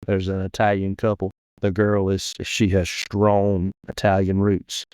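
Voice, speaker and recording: A man, co-hosting a podcast and telling stories in casual chat, breaking into animated voices when he quotes people. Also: low-pitched, a little slow, clear, resonant tone, no room sound. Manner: storytelling, animated when quoting others. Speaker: podcast co-host.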